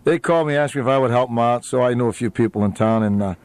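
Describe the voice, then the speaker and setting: A man guesting on a radio show as a restaurant owner, with a mid-pitched voice. He talks in a rambling, easygoing way, full of fillers and small laughs. The mic is close and dry. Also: racing, no room sound. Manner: rambling, many uhs, warm laughs, restarts. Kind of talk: casual radio interview chat.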